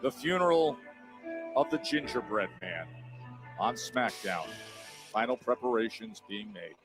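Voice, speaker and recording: A man's voice: fairly low pitch, lively intonation, over music. Solemn male TV announcer. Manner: solemn, slow and theatrical. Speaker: TV wrestling announcer. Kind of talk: dramatic broadcast narration.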